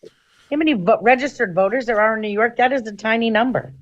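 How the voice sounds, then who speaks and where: A woman's voice: a little high, fast talker. Blunt woman arguing on a muffled line. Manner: blunt, argumentative, swears. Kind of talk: casual political chat.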